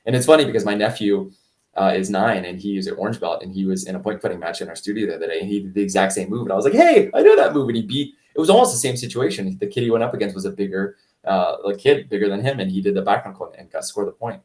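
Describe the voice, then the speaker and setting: Fast-talking deep-voiced man telling stories. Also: darkish tone, distant mic. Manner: rambling with many restarts and fillers; acts out quoted voices in a much higher pitch. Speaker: martial arts instructor, guest. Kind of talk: casual storytelling interview.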